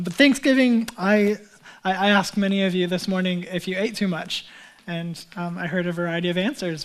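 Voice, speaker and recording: Casual pastor in his thirties, high tenor voice, chatty storytelling sermon.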